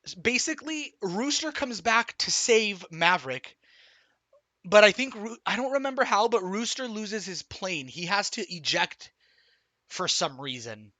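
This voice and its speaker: Male streamer, high bright voice, excitable rambling recap, sweary, dry close sound. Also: a little slow, no room sound. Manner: animated, swears a lot, rambling with restarts. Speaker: streamer reviewing a film. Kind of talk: excited casual movie recap.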